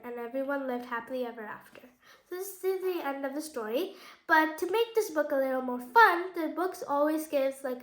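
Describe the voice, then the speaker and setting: Woman reading a bedtime story, high voice. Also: a bit bright. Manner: casual, explains the pictures and asks questions. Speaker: children's story reader. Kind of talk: reading a picture book aloud to children. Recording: echoey room.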